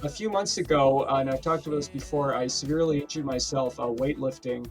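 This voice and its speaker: A Canadian man co-hosting a casual podcast, telling stories in an animated, indignant way. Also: mid-range voice, faint music behind. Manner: fast, animated storytelling, indignant complaints. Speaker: podcast co-host.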